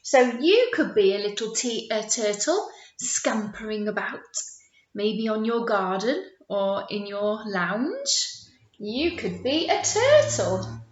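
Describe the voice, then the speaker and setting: A woman teacher reading a picture book to young children, animated and encouraging, drawing words out and making playful sound effects. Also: medium pitch, slow pace. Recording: roomy, dull lo-fi sound.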